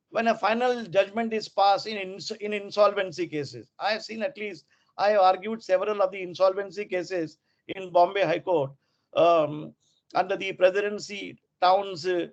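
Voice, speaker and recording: A man with an Indian English accent, mixing in Hindi, giving a law lecture to students in a deliberate way and repeating key terms. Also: high-pitched, highs cut off. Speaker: law professor.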